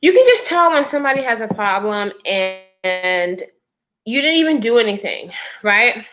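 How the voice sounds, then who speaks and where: A pregnant woman chatting to her viewers, telling a personal story in a lively, expressive way. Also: a little high, normal speed. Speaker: vlogger. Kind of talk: casual storytime chat.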